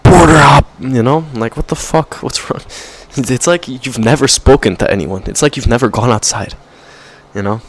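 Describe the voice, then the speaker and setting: Young man, vlogger, middle pitch, profane, rambling, slangy. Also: normal speed. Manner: profane, rambling, says bro a lot; mocking put-on quotes in higher voice. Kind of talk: casual rant to camera.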